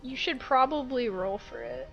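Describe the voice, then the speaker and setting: A young woman narrating as game master in a casual online tabletop game, with relaxed, hesitant delivery. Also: sits high, moderate pace, muffled recording, soft background music.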